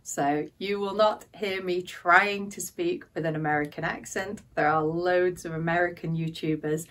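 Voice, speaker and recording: Slow, careful English woman teacher. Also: fairly low pitch, recorded from a distance. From England. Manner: slow, careful explanations with lively rises on key words. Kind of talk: explaining vocabulary to camera.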